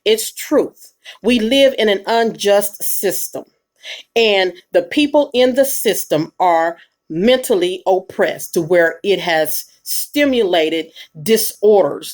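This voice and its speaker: A woman giving a live commentary monologue, emphatic and preachy, with bursts of rapid speech. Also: lowish voice, a little mellow. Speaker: online commentator.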